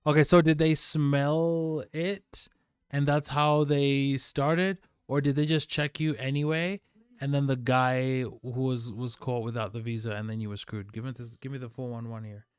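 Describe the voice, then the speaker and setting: A man hosting a livestream, telling a story in a rambling, animated way full of "like" and "dude". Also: mid-range voice, moderate pace, smooth, no room sound. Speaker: livestream host.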